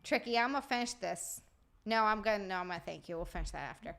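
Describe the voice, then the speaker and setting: A woman hosting a casual comedy livestream, excitable and swearing as she reads super chats aloud and laughs a lot. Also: on the high side, quick pace, over music. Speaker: streamer and podcast host.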